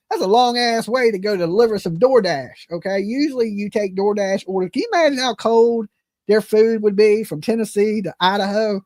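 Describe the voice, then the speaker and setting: A man's voice: sits high, no echo, clean studio sound. A man hosting a casual livestream, talking brashly with lots of swearing and laughter, and punctuating points with "okay?". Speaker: livestream commentary host. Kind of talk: casual reaction commentary.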